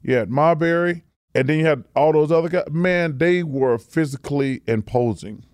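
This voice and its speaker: A man, a co-host telling an excited, emphatic story in casual chat. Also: fairly high pitch, normal speed, no room sound, clean studio sound. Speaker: co-host, former basketball player.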